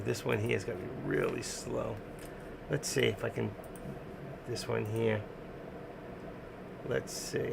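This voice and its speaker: A man with a New York accent hosts a casual live stream. His gravelly voice carries over a faint hiss of background noise. He talks bluntly, rambles and laughs often. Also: medium pitch.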